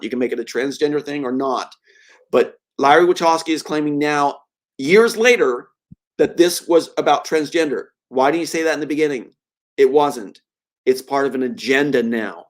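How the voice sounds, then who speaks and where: A man speaking as a guest on a live web show over a video call, earnest and heartfelt, choked up with emotion. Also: medium pitch.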